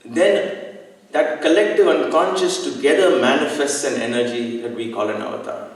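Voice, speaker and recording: A man gives a reflective devotional talk, speaking earnestly with slow pauses. His voice reaches the mic from a distance and rings through a large hall with a long, heavy echo. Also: mid-range voice. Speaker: satsang speaker. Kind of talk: devotional talk with personal story.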